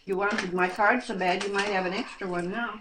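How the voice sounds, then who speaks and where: A woman's voice: mid-range voice, steady tone, a little fast, background noise. An older woman, a grandmother, chatting and scolding the kids at home, proper and coaxing them to speak nicely. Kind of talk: casual family chat on home tape. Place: apartment living room.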